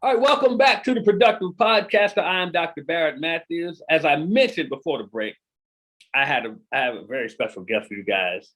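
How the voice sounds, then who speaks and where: Husky, upbeat man hosting a podcast. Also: fairly high pitch, fairly quick. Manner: energetic, repeats himself for emphasis, hypes the guest. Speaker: podcast host. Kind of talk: casual interview chat.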